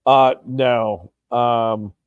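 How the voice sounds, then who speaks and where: A man's voice: medium pitch, fairly even intonation, very slow, smooth, dry recording, narrow, tinny audio. A man co-hosting a sports podcast, chatting casually and hesitantly, with plenty of restarts and ums. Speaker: podcast co-host.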